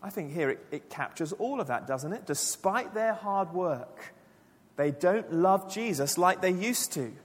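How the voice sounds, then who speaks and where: A man preaching a sermon to his church, earnest and emphatic, dropping his voice low and quiet for key lines. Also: lively intonation, a little slow. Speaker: pastor. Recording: long church reverb.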